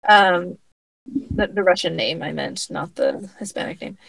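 A woman casually recapping a TV episode with a friend, retelling scenes with quick acted-out quotes and laughter. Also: fairly low pitch, huge pitch swings, creaky, fairly bright tone, breathy edge, no echo, poor audio. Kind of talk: casual chat recapping a TV show.

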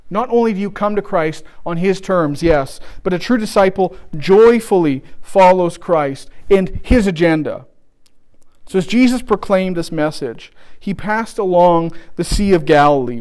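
Earnest preacher man with a smooth voice. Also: sits high, a little mellow. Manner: earnest, pleading exhortation. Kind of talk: sermon.

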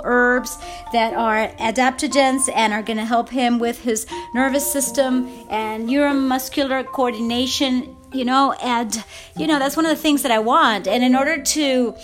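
A woman's voice: high voice, fairly even intonation, normal speed, soft background music. A woman fitness coach talking emotionally and rambling in a casual vlog, laughing often, recorded on a phone without a mic. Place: at home, Eastern US time. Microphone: phone without external mic.

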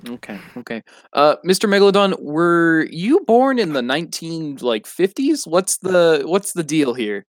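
A man voicing a learned old snailfish who explains things in a measured way with many pauses. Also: on the high side, big pitch swings, no echo. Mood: teasing questions. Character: learned old male snailfish, knowledgeable and calm. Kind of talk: comedy podcast role-play.

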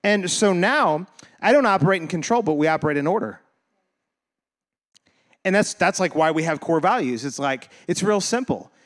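A man's voice: high voice, lively intonation, moderate pace, pauses often. A man preaching a sermon as pastor, talking casually and animatedly, joking and laughing with his congregation, and acting out quoted voices.

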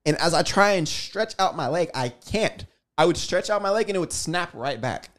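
A young man co-hosting a podcast, telling a story in a playful, expressive way. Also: fairly high pitch, moderate pace. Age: young adult. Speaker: podcast co-host. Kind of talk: casual chat.

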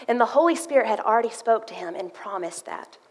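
A woman's voice: fairly high pitch, animated, fast talker, husky. A woman giving a sermon with a personal testimony, telling her story earnestly and reading scripture aloud. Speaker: church speaker sharing a testimony. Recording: long hall reverb.

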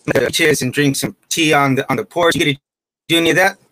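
A man hosts a casual conversation, asking questions in a chatty, joking way and tripping over his words now and then. His voice sits a little high, and the sound is dry and close. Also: fairly even intonation, fast talker, bright, forceful tone, dry recording, rough recording. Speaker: host.

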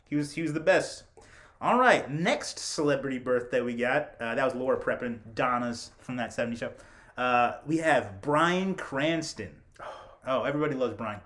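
A man's voice: mid-range voice, expressive, normal speed, a bit bright. A young man hosting a casual podcast chat, telling stories in a chatty, joking way. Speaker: podcast host.

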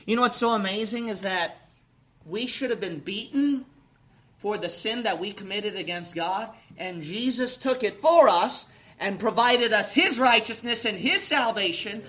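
A man preaching a sermon with passion, repeating phrases and asking rhetorical questions, swinging from hushed lines to sudden shouts. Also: sits high, animated, unhurried.

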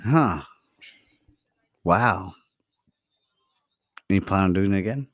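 A young man in casual podcast banter, teasing and interjecting with quick questions. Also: sits low, expressive, fairly bright tone. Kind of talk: casual chat.

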